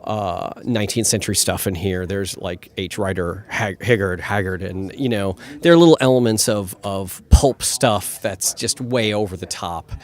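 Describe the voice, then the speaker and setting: A man's voice: sits low, moderate pace, hardly any pauses. A man, a screenwriter, answering red carpet questions with enthusiasm, thinking aloud and restarting his sentences.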